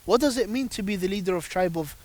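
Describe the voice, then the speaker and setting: A man's voice: high-pitched, fast talker. A man speaking as a guest on a religious panel, telling devotional stories emphatically with rhetorical questions. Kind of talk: religious discussion, storytelling.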